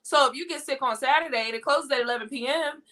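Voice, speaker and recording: A young woman telling a personal family story in casual, animated talk, slipping into quoted voices. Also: high-pitched, quick pace. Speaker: guest.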